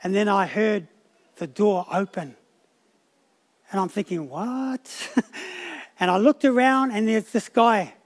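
High-voiced New preacher. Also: male voice, measured pace, long pauses. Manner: storytelling, repeats words and restarts often. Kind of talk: sermon.

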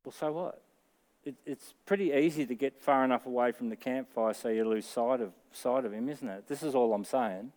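A man's voice: medium pitch, moderate pace, darkish tone. A middle-aged man with an Australian accent, preaching a sermon in an earnest, conversational way that rises to emphatic peaks. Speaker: pastor.

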